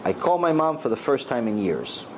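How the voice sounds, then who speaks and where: A man's voice: medium pitch, big pitch swings, normal speed, noisy background. A middle-aged man and rabbi giving a storytelling Torah lecture, acting out the dialogue in raised voices.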